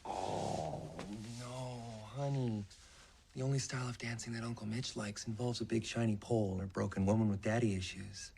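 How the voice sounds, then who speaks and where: A man voicing a gruff, crude middle-aged uncle who brushes off a child. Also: fairly low pitch, fairly even intonation, normal speed, darkish tone, pitched below the performer's own voice. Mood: dismissive.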